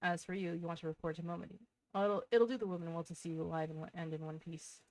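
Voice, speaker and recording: A woman reading the lines of a grateful male mining foreman in a game, quick and cheerful. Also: on the low side, fairly even intonation, darkish tone, dry recording, lightly acted, poor audio. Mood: hearty.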